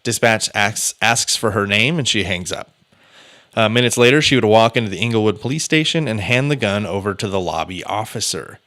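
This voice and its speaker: A man hosts a podcast, casually retelling a true-crime case in a loose, chatty way, with filler words and the odd curse. His voice is on the low side, with lively intonation, a sharp tone, and a slightly fast pace.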